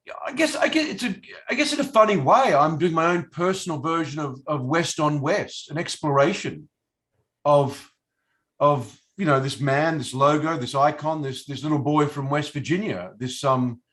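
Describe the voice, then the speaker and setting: A middle-aged Australian actor, interviewed as a guest, speaks in a fairly high, slightly bright voice at a moderate pace. He chats casually but rambles and hesitates, with lots of fillers and restarts.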